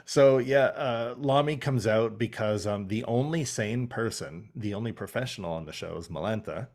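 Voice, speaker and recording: A man's voice: lowish voice, moderate pace, a little mellow. A young man co-hosting a podcast, recapping a TV episode in casual chat, swearing and acting out the characters' lines. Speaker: podcast co-host.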